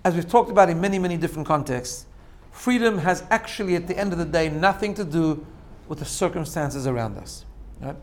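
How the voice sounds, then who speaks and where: A religious teacher with a slightly high voice speaks a little fast, with lively intonation and few pauses, in an informal sermon. Storytelling drives it, punctuated by "right?" check-ins and his laughing at his own jokes.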